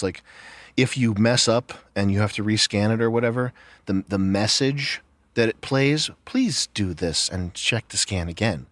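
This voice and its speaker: A man rants with profane, incredulous questions in a casual podcast chat. His voice sits at a middle pitch. The recording is close and dry. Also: fairly bright tone, dry recording. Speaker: show co-host.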